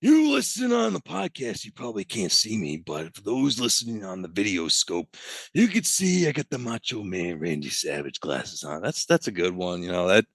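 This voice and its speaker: A man's voice: lowish voice, very animated, moderate pace, vocal fry, breathy edge, dry recording. A man who is a podcast guest, talking in a rambling, self-interrupting casual chat and laughing often.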